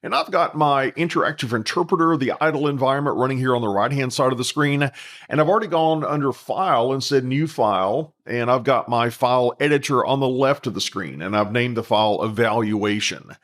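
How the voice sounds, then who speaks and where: A man teaching a coding lesson over a screen recording, calmly dictating each line of code step by step. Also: medium pitch, fairly quick. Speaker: instructor.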